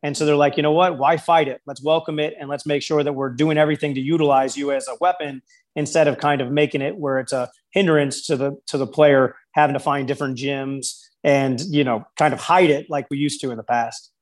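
In a brisk, fairly high-pitched voice, a basketball skills coach shares stories during an interview conversation. He acts out the people he quotes with lively voices.

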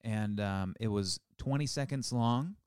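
Low, smooth-voiced man telling a story. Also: unhurried, a little mellow, no echo, studio quality. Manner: rambling, storytelling with fillers and restarts. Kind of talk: casual chat.

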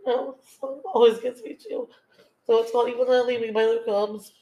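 A woman's voice: a little high, fairly even intonation, fairly quick, mellow, highs cut off. Woman, podcast co-host, casual chat, emotional, filler-heavy. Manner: emotional, many fillers like "you know".

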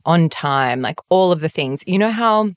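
A woman's voice: deep voice, lively intonation, moderate pace, no echo, studio quality. A woman from Australia, a guest author in a podcast conversation, telling stories with animation and acting out her own dialogue.

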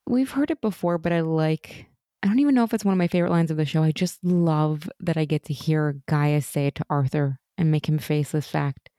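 A woman's voice: deep voice, a little fast, warm tone, dry recording, clean studio sound. A woman co-hosting a casual chat about a TV episode, enthusiastic and gushing, often acting out lines. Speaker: podcast co-host.

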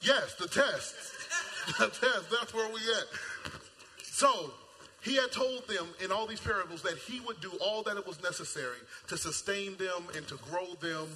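Male preacher, high and sharp-toned, animated and colloquial, sermon in a reverberant hall. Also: moderate pace. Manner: animated, acts out voices, shouts at peaks; casual colloquial speech. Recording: long hall reverb, faint ambience.

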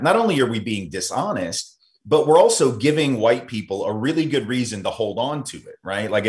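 American man, low voice, earnest guest in a conversation, repeats and fillers. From United States. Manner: acts out quoted voices in higher pitch. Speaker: podcast guest, author and speaker. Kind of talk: conversational interview.

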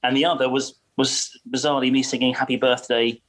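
A man's voice: medium pitch, flat delivery, fairly quick, a bit bright, poor audio. A man being interviewed as a guest, speaking casually and hesitantly, with lots of repeated words. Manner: hesitant, many restarts and repeats.

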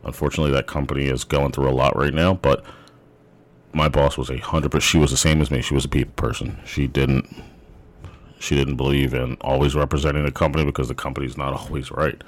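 Brief: young man, extremely low voice, casual rambling storyteller who restarts his sentences. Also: level tone, a little fast.

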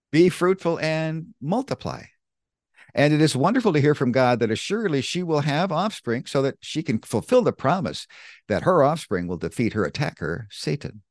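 Male bible teacher, lively pitch, emphatic and careful, close dry mic. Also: no room sound. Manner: deliberate, emphatic, spells out key words.

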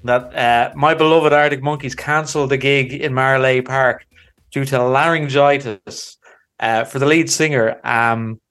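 Playful podcast host, faint music behind. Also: male voice, medium pitch, a little slow. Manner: playful, mock-earnest, deadpan teasing. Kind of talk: comedic podcast monologue and mock interview.

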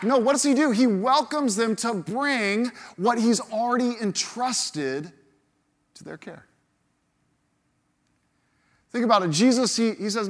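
A man preaching a sermon as pastor. He swings from loud, lively lines to hushed, slow ones, often repeats a word as he starts a sentence, and briefly acts out the voices of people in the story he tells. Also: very high voice, big-room sound.

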